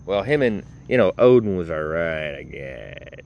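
A man's voice: low voice, sing-song, unhurried, creaky, highs cut off, slight background noise. A man hosting his own podcast, rambling casually, mocking himself and laughing at his own jokes, recorded on a phone. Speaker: podcast host.

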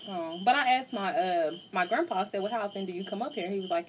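A woman speaking quickly in a relaxed, conversational way as she tells a family story. A faint noise sits under her voice. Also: medium pitch, rough recording. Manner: fast, warm storytelling about family. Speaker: podcast co-host. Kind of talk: casual chat.

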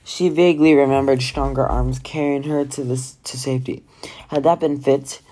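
A reader narrating a novel aloud in a plain, steady way, now and then restarting a phrase after a slip. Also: medium pitch, normal speed. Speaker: audiobook reader. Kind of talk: amateur novel read-aloud.

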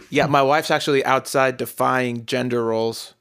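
A man's voice: medium pitch, fairly even intonation, unhurried, vocal fry, fairly bright tone, smooth. A young man co-hosting a casual podcast, joking and laughing often as he talks. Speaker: podcast co-host.

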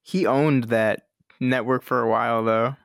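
A man's voice: mid-range voice, steady tone, a little slow, vocal fry, clear, resonant tone, no echo. A man with a mid-range voice trades blunt wisecracks in casual podcast banter and swears freely. He is recorded dry and close, with no room sound. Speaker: podcast co-host. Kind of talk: casual chat, joking banter.

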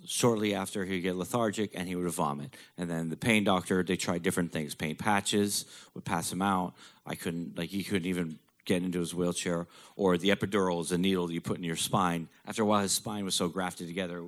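A man telling a candid personal story in a blunt, profane, conversational way. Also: low voice.

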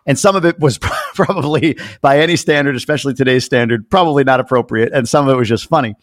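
Male host, mid pitch, dry close mic; animated storyteller, casual and a bit profane. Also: fast talker, dry recording. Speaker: podcast host. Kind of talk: casual interview chat, storytelling.

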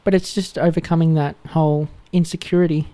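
A man's voice: on the high side, level tone, fairly quick, dark tone, slight background noise. An Australian man talking as a musician guest in a podcast interview, earnest and reflective, trailing off with fillers. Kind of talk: casual interview chat.

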